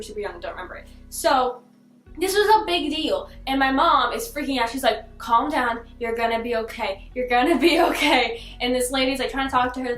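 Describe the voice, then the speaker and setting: Young woman, high voice, chatty storytelling, fillers and laughs, echoey room, faint music. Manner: animated, laughing, many fillers. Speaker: vlogger telling a childhood story. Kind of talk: casual storytelling.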